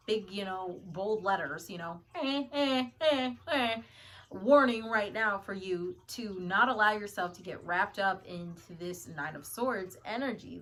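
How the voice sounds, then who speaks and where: A woman giving a relaxed tarot reading, talking in a loose, chatty way and often tripping over and correcting her words. Between readings she drops to quiet murmured asides as she draws cards. Her voice sits at an ordinary middle pitch, with a faint hum of background ambience. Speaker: tarot reader.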